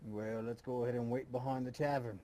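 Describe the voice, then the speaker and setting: Calm man planning as a player. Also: medium pitch, fairly quick. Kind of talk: casual tabletop play. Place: online voice call.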